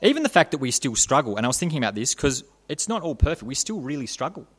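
Guy giving a sermon, chatty and animated, jokey asides, mid pitch. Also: fast talker. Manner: conversational, animated preaching with playful asides. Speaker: preacher.

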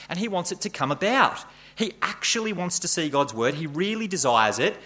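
A man preaching a sermon, emphatic and expressive, reading scripture aloud and explaining it. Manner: expressive, emphatic preaching with big pitch swings.

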